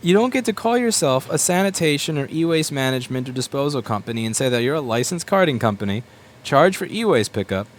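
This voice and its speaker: A man's voice: mid-range voice, sing-song, slight background noise. A repair shop owner ranting bluntly and with plenty of swearing as he works at his bench. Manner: blunt and sweary, with quick mocking asides. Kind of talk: profane ranting while working.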